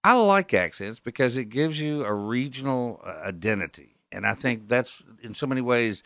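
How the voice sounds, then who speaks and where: A man's voice: mid-range voice, animated, normal speed, gravelly, a bit bright, no echo. Folksy male radio talk-show host. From Texas, US. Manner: folksy, chatty, chuckling.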